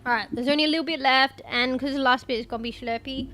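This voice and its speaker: A woman's voice: sits high, steady tone, fast, fairly bright tone. A young Australian woman streaming, chatting casually with viewers and swearing freely as she talks. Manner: chatty, swears casually, reads chat aloud. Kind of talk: casual live-stream chat.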